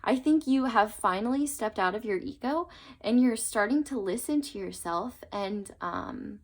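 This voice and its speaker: A young woman giving a casual tarot reading to her viewers, chatty and earnest, with plenty of fillers and trailing asides. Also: on the high side. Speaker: tarot reader.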